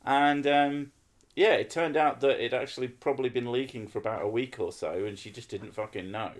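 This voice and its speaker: A man hosting a podcast, talking at an ordinary middle pitch. He rants and swears freely, with plenty of sarcasm, in a loose and casual chat. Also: a little fast. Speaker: podcast host.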